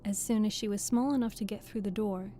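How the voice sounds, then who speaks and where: A woman with a Southern US accent reading a storybook aloud in a gentle, unhurried way. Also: mid-range voice, fairly even intonation, soft background music. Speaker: audiobook reader.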